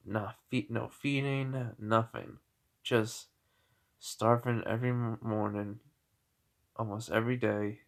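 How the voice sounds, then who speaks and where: Slow, rambling young-sounding man telling a story. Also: on the low side, creaky. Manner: rambling, halting, full of "like" and restarts. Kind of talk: casual spoken fan-fiction retelling.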